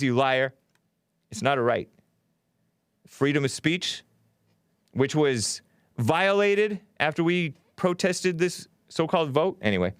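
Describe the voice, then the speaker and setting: A man's voice: fairly high pitch, no echo, studio quality. A man hosting a solo commentary show, reading out news quotes and mocking them with sarcastic asides. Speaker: podcast host.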